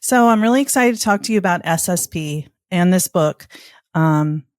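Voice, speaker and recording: Low-voiced woman hosting a podcast. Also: expressive, normal speed, dry recording, clean studio sound. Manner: upbeat, rambling intro questions. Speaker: podcast host. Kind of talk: podcast interview host.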